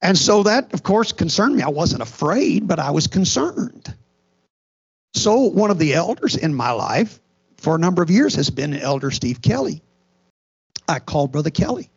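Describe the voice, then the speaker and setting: A man's voice: a little high, big pitch swings, normal speed, gravelly, long pauses, slightly rough. A middle-aged male pastor preaching a sermon, telling a story earnestly and often restarting his sentences. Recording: dull lo-fi sound.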